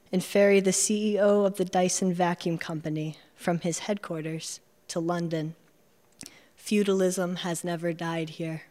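Slow, reflective woman reading her memoir. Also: on the low side, a little mellow, long reverb tail. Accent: American Midwestern. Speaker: memoir narrator. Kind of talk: reading a personal essay aloud.

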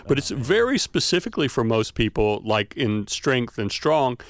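A man, a linguistics professor who is a guest on a radio talk show, explaining speech patterns, often pausing with "uh". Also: mid-range voice, sing-song, no room sound. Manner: explanatory, many filler "uh"s.

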